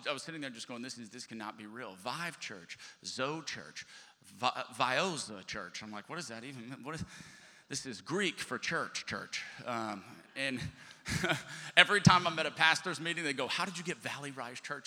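A man's voice: mid-range voice, bright, forceful tone. A man preaching a sermon as pastor, chatty and joking with his congregation. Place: church sanctuary. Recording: long hall reverb.

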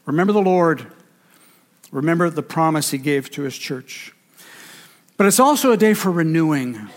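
A man with a fairly high voice preaching a sermon to his congregation. He builds emphatic, rhythmic runs of repeated phrases and lists, pressing each point home. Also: lively intonation, moderate pace. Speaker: pastor.

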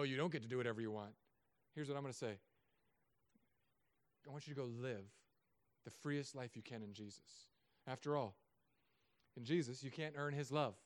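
A man preaching with a fairly high, smooth, resonant voice. He delivers his sermon in an animated, joking way, swinging between loud emphasis and hushed asides. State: recovering from Achilles surgery. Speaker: pastor.

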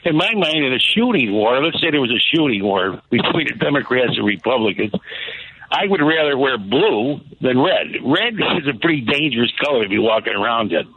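A man's voice: medium pitch, big pitch swings, brisk. A man with a Chicago accent calling in to a radio show, playful and quizzical, repeating his questions. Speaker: caller. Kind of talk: phone call-in chat. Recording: dull lo-fi phone line with faint noise.

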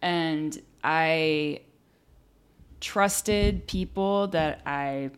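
A young adult woman candidly telling a personal story in an interview, casual and swearing, animated when quoting people. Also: low-pitched, drawn-out words, clear, resonant tone. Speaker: interview guest.

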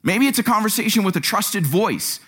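Animated male preacher with a lively voice. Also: moderate pace, slightly rough. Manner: animated, acts out quotes with sudden pitch jumps. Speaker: pastor. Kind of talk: sermon. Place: church.

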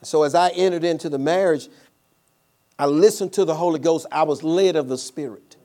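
A man's voice: fairly high pitch, moderate pace, mellow. A man preaching a sermon as pastor, telling a personal story with call-and-response.

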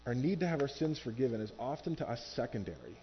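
A man preaching a sermon from a church stage, animated and acting out quoted voices. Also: mid-range voice, fast, dull audio, a little hiss or hum. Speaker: pastor.

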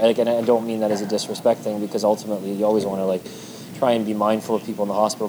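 A man in casual conversation, speaking earnestly and reflectively, often restarting his sentences. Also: fairly low pitch. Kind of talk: casual chat. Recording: noticeable background noise.

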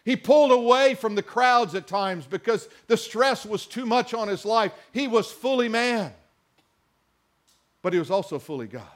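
A man's voice: high-pitched, expressive, moderate pace. A man preaching a sermon, reading scripture and mixing in conversational asides and questions to the congregation. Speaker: pastor.

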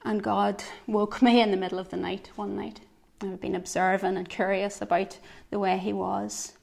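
A woman giving a devotional sermon, earnest, swinging between soft reflective lines and emphatic ones. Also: mid-range voice, flat delivery, moderate pace, vocal fry. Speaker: preacher.

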